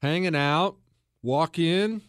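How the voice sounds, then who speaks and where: A man's voice: a little high, slow pace, a bit bright, clear, resonant tone, no echo. Man ranting in a dry, close-miked monologue. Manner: storytelling with acted quotes, rhetorical questions. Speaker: political podcast host. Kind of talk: opinionated monologue.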